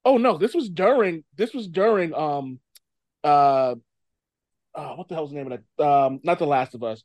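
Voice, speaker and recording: A man hosting a casual podcast chat, animated, swearing and laughing a lot. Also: on the high side, moderate pace, dry recording. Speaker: podcast host.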